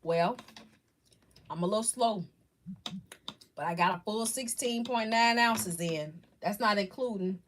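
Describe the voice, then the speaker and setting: A woman hosting a casual live chat with viewers, talking about faith in a halting, rambling, heartfelt way. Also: mid-range voice, fairly bright tone, slight background noise. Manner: halting, rambling, restarts often. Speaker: livestream host chatting with viewers.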